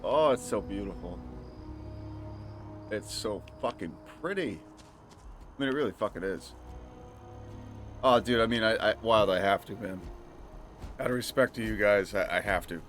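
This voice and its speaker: Nasal, excitable male game streamer. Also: on the low side, measured pace, long pauses, faint music behind. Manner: excitable, profane, rambling. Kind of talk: casual let's-play commentary.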